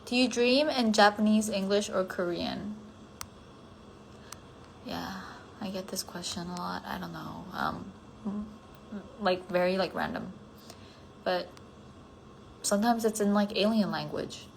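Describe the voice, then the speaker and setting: Her voice mid-range, creaky, and unhurried with long pauses, a tired woman casually chats on a solo phone livestream, answering fans. She rambles, drifts between thoughts, leans on "like" fillers, and at times falls to a soft near-whisper; a little hiss or hum is audible.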